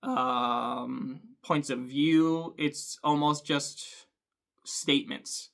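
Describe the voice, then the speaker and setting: A man hosting a book channel, talking thoughtfully to camera with frequent ums and pauses. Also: medium pitch, fairly even intonation, creaky, a bit bright. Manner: thoughtful, hesitant, many ums. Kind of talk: casual talk to camera.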